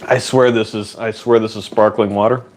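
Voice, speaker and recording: A man hosting a relaxed, rambling chat in a workshop, answering viewer questions. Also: fairly low pitch, brisk, a little hiss or hum. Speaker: host. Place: indoor workshop.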